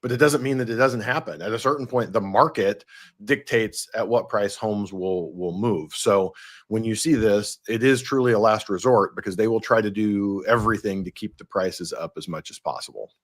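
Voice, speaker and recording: A man's voice: fairly low pitch, normal speed. A man co-hosting a live podcast, bluntly explaining jobs numbers and mortgage loans in casual commentary. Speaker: mortgage lender, podcast co-host.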